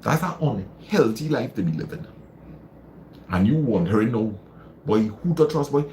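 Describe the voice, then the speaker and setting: A man's voice: mid-range voice, expressive, normal speed, long pauses, warm tone, slight background noise. A man hosting a live stream, giving casual motivational advice, repeating phrases for emphasis and answering viewer comments. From Trinidad and Tobago.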